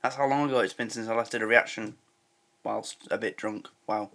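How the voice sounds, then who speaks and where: Bright-voiced English reaction host. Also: male voice, fairly low pitch, fairly even intonation, brisk. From England. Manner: chatty, amused. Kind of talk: casual commentary.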